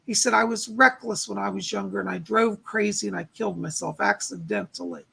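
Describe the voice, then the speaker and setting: A male psychic medium on a live stream, hoarse from losing his voice, relaying spirit messages and thanking donors by name. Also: sits high, very animated, a little fast, sharp tone. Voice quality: gravelly, husky voice. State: losing his voice, clearing his throat.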